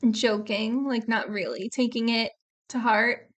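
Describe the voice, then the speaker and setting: A woman's voice: fairly high pitch, steady tone, a little slow, a bit bright. A woman co-hosting a reaction channel, chiming in with short comments and questions during casual chat. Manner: brief interjections and questions. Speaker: co-host of a music reaction channel.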